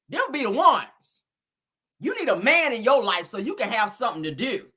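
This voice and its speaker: A woman's voice: a little high, sing-song, moderate pace, pushed and bright, slightly rough. A woman host giving sassy, mocking gossip commentary, exasperated and teasing.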